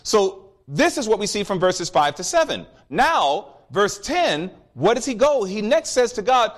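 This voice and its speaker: Animated male preacher with a lively voice. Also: high voice, unhurried, few pauses. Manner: animated, emphatic, storytelling. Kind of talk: sermon.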